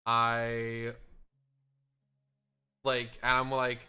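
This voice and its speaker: A man speaking in character as a player in a tabletop game, giving hushed, urgent reassurance with frequent restarts. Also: on the high side, normal speed, soft background music. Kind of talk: in-character tabletop role-play.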